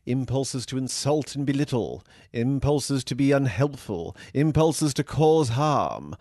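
A man's voice: medium pitch, lively intonation, a little slow, a little mellow, no room sound, clean studio sound. A man voicing a male AI chatbot in a comedy sketch, pompous and condescending with theatrical flair. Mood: sneering. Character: snooty, sarcastic male AI chatbot.

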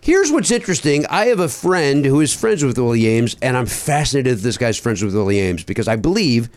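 A podcast host with a Chicago accent talks in casual banter. His pitch rises and falls a lot as he teases his guest and pokes fun at himself. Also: sing-song, a little fast. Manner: self-mocking, teasing banter.

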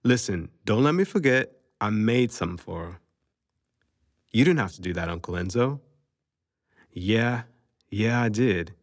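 Man as a laid-back uncle, low, relaxed drawl. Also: measured pace, long pauses, dry recording, studio quality. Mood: easygoing. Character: easygoing, affectionate middle-aged uncle.

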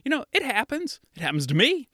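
A middle-aged man, a children's pastor, giving a lively storytelling devotional to kids and acting out the voices of children he quotes. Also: very high-pitched, fast, no echo, studio quality. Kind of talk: kids' devotional talk.

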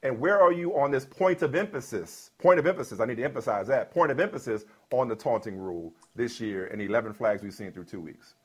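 A man's voice: medium pitch, a bit bright, breathy edge. A man hosting a sports talk show, introducing a guest with playful, teasing energy. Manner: playful, teasing, quick interjections. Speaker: host.

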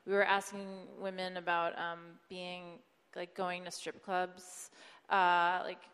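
A woman's voice: fairly low pitch, flat delivery, takes it slowly, fairly bright tone, big-room sound. A woman on a live comedy panel, rambling with lots of fillers in an upbeat way. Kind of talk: panel Q&A, casual talk.

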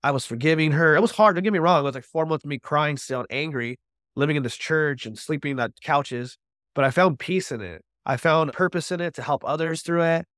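A man as a podcast guest, telling his personal recovery story with animated storytelling and acting out his own quoted speech. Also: on the high side, fairly quick, dry recording, studio quality.

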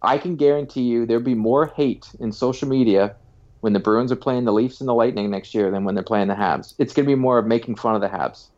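A man's voice: medium pitch, brisk, a little mellow, dull audio. A man co-hosting a casual sports podcast, speaking in an opinionated, joking way. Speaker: podcast co-host.

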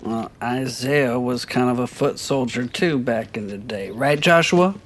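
An actor playing a blunt, matter-of-fact former soldier in an audio drama. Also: male voice, mid-range voice, measured pace, slight background noise, lightly acted.

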